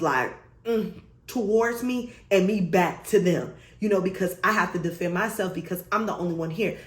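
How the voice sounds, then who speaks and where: A young woman vlogger telling a storytime story in an animated, emphatic way, swearing freely. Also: fairly low pitch. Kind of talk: storytime vlog. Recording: roomy echo.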